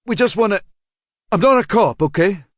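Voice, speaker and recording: A man voicing a battered male detective who speaks breathless and strained while trying to calm an attacker. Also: sits high, moderate pace, dry recording, clean studio sound, voice pushed up. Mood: pleading, strained. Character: winded, battered male detective pleading calmly.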